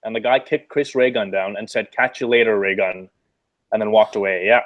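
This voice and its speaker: A man's voice: lowish voice, fairly even intonation, a little fast, dry recording, lo-fi sound. A man chatting as a guest on a livestream, rambling and profane with lots of restarts. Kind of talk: casual chat.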